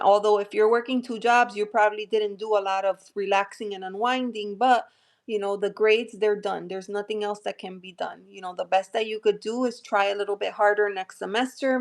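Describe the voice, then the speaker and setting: A woman from New Jersey with a light accent, talking gently and reassuringly with many fillers while hosting a live tarot stream. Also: medium pitch. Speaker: tarot reader hosting a livestream. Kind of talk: live-stream chat and readings.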